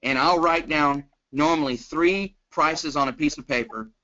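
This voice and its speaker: A man coaching insurance sales on a conference call, energetic and checking in with the listener again and again. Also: a little high, a little slow. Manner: energetic, keeps checking in with "okay?". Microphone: phone. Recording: muffled conference-call phone line.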